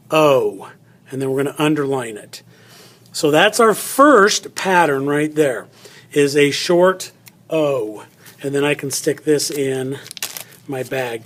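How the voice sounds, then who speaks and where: A man's voice: a little high, a bit bright. A middle-aged male teacher giving a chatty phonics lesson, thinking aloud as he cuts paper and writes. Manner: chatty, thinks aloud while cutting and writing.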